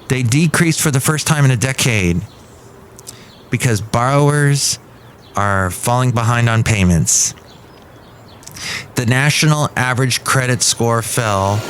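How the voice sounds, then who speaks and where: A man's voice: mid-range voice, expressive, a little slow, a bit bright, a little hiss or hum. A man hosting a comic one-man podcast, rambling playfully with jokey asides. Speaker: podcast host.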